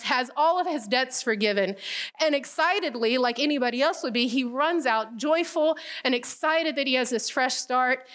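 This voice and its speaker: A woman preaching a casual sermon, retelling a parable with lively storytelling and acted-out voices. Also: high voice. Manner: animated storytelling, acting out the characters.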